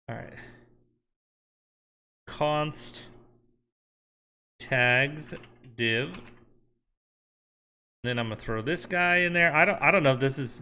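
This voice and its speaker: A software developer streaming his coding work, talking to his chat and to himself as he works. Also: mid-range voice, clear, resonant tone. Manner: talks to chat and himself while working. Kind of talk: live coding stream, thinking aloud.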